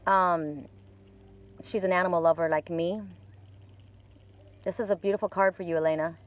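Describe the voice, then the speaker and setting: A woman's voice: lowish voice, fairly even intonation, normal speed. Woman, live-stream card reader; loose, chatty, spiritual tone, talking outdoors by water. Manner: rambling, chatty, with many fillers and restarts; gentle spiritual encouragement. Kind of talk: casual live-stream chat with viewers. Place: outdoors at a lakeside cove.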